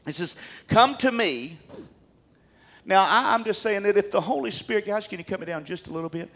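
A man preaching a sermon in church, animated, swinging from loud emphatic peaks down to quiet asides. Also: high voice, a little fast. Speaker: pastor.

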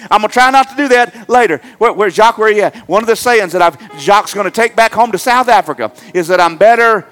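A middle-aged male pastor preaching to his congregation, moving from loud fervent exhortation to hushed, halting storytelling. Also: high voice, expressive, faint music behind. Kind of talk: sermon. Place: church sanctuary before a congregation.

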